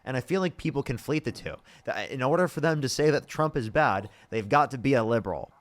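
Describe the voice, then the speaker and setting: A man's voice: medium pitch, lively intonation, a little fast. A young man hosting a live debate stream, arguing and pressing his guest with repeated questions. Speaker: debate show host.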